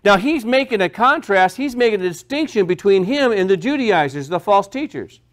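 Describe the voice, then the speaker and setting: A man's voice: sits high, lively intonation, normal speed. A male pastor preaching a sermon, repeating phrases and building emphasis as he goes.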